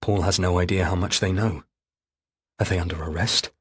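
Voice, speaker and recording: A man reading a thriller audiobook in third person, with a somewhat low, husky voice. His delivery is measured and grave throughout. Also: fairly even intonation. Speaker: audiobook narrator.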